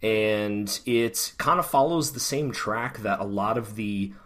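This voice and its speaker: A man hosting a podcast, giving a measured, hedging opinion with many ums in casual discussion. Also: on the low side, fairly bright tone. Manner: measured, hedging, filler-heavy. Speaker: podcast host.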